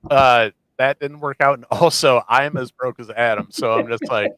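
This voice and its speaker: A man's voice: medium pitch, normal speed, a bit bright, dry recording, rough recording. A man hosting a casual podcast chat, rambling with many fillers and restarts. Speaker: podcast host.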